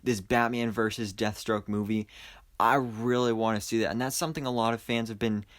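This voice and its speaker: A young adult man gives a casual, enthusiastic spoiler review of a movie, rambling with plenty of fillers and restarts. His voice is on the low side, steady in tone, and brisk.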